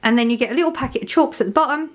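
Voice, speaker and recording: A woman's voice: high voice, rapid-fire. A middle-aged woman, chatting casually to camera in a rambling way, with many fillers and restarts. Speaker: vlogger.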